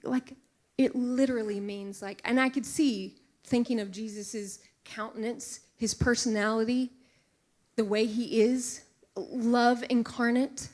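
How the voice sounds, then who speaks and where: A woman's voice: on the high side, steady tone, measured pace. Earnest woman preaching a sermon. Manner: earnest, emotional, drops to a hushed whisper for emphasis.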